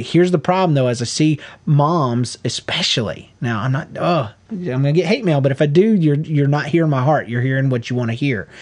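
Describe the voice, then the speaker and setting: A middle-aged man co-hosting a podcast, giving earnest, folksy parenting advice in casual chat. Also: mid-range voice. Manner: earnest, folksy, animated when acting out quotes. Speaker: podcast co-host.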